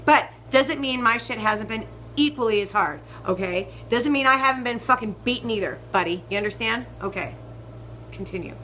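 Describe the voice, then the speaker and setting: A young woman with a bright, tense voice pitched a little high tells a story in a ranting vlog. She swears constantly and jumps from loud, emphatic outbursts to low, muttered asides. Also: moderate pace, a little hiss or hum, rough recording. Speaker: vlogger.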